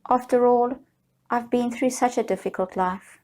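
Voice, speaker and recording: A woman guiding viewers through a slow, soothing tapping session, leading them in repeated affirmations. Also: a little high, steady tone, darkish tone. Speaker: EFT tapping guide.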